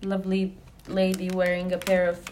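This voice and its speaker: A woman's voice: fairly low pitch, completely flat delivery, normal speed, darkish tone, a little hiss or hum. A woman hosting a comedy podcast, reading fanfiction aloud in a dramatic, swear-filled way. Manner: swears freely, reads dramatically and laughs often.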